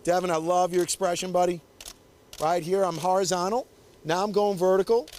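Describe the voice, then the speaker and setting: Male photographer-instructor, high-pitched, encouraging, keeps directing poses on a body mic. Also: slight background noise. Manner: upbeat, coaxing, directs the couple constantly. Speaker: wedding photographer teaching. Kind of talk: live posing demonstration. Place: confined indoor shooting space.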